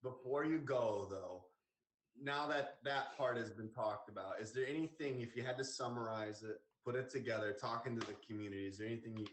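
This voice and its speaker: A man's voice: mid-range voice, a little fast. A man hosting a live stream, upbeat, giving hype-man praise to a guest. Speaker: live-stream show host. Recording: echoey room with faint noise.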